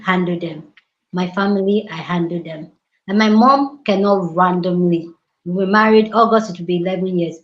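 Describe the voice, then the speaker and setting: A woman hosting a casual chat, telling lively stories and mimicking other people's voices. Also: on the low side. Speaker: host. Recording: roomy, slightly dull sound.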